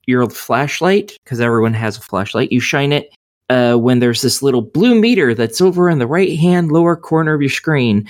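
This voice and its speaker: Guy rambling about a game on a podcast, sarcastic, cusses a lot, regular pitch. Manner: rambling, sarcastic, swears often. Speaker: game reviewer co-host. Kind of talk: casual podcast chat.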